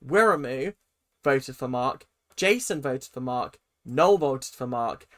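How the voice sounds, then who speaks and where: A woman's voice: very deep voice, lively intonation, slow. A woman, giving a chatty, casual recap of a reality TV show, acting out the people she quotes. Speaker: reality TV reaction vlogger.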